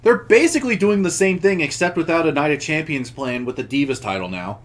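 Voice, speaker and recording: A man's voice: on the high side, animated, a little fast. Rambling young man recapping wrestling. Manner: rambling, many restarts, laughs while telling. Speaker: podcast co-host. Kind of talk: casual chat recapping wrestling.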